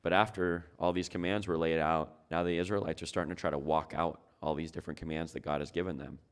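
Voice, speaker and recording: A man's voice: very deep voice, steady tone, fast talker, clean tone. A man preaching a sermon as pastor, talking it through in a conversational way and asking his listeners rhetorical questions.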